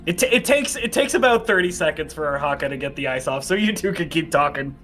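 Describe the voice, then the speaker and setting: A man playing a tabletop game, chatting in an animated way and swearing freely. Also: fairly high pitch, brisk, soft background music. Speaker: player. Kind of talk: casual table talk.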